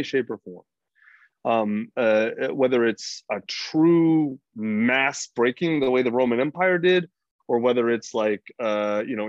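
A man's voice: mid-range voice, no room sound. A middle-aged American man talking bluntly and profanely as a podcast guest, rambling through his points with frequent restarts. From United States. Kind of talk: freewheeling casual conversation. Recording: dry, dull lo-fi sound.

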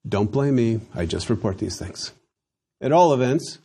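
A man teaching a Latin lesson, slowly drilling phrases for students to repeat, with dry humor. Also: slightly rough. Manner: dry humor, slow emphatic drills with lively pitch. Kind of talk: recorded language lesson.

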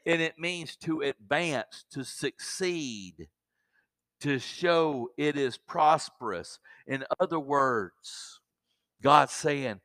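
A man's voice: a little high, slow, bright, forceful tone, no room sound. A man preaching a sermon, often repeating words as he builds up.

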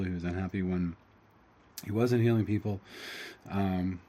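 A man teaching, reading a story aloud and translating it line by line, halting often with fillers and restarts. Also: low voice, steady tone, warm tone. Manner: halting, with fillers and self-corrections.

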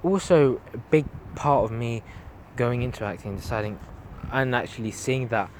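Late at night at home, a man in his late teens hosts a solo motivational podcast, rambling earnestly and encouraging his listeners. His medium-pitched voice moves at a moderate pace over steady background noise.

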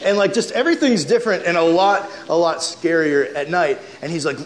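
A young man preaching to a youth group in an animated, casual storytelling style, full of "like". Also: on the high side, a little fast, few pauses. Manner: animated, chatty, heavy use of "like". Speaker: youth pastor.

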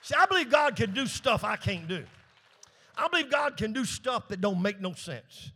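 A male pastor, preaching a call-and-response sermon that swings from hushed low asides up to shouted peaks. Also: very animated, normal speed, breathy edge, some chatter behind.

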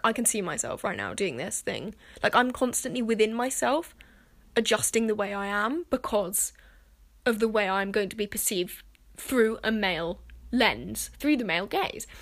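A woman's voice: mid-range voice, a bit bright. A young woman, talking casually to camera and filling her speech with "like," cursing freely. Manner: chatty, swears freely, fills speech with "like".

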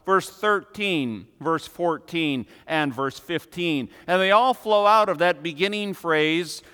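A man preaching an expository sermon with measured, emphatic repetition. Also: on the high side, sharp tone, smooth. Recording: long hall reverb.

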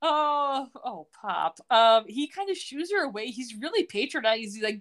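Woman podcaster gushing over an episode, kinda high voice, laughs a lot, does little quotes. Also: big pitch swings, moderate pace, hardly any pauses, a bit bright. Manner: laughs often, retells scenes in quoted voices. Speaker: podcast co-host. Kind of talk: casual recap chat.

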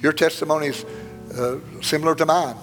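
An older man delivers a sermon in a church sanctuary, his story plainspoken and earnest, building to dramatic swells. His voice runs on the high side, steady and fairly bright, moving a little fast. The recording carries long hall reverb and faint music.

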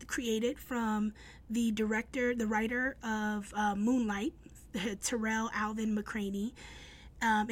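A young adult woman blogger telling a casual story, upbeat and chatty, full of fillers and restarts. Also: fairly high pitch.

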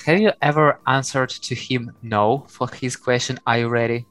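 A woman's voice: a bass voice, steady tone, moderate pace, no room sound, soft background music. A woman hosting an interview, asking brief, plain questions. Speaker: host.

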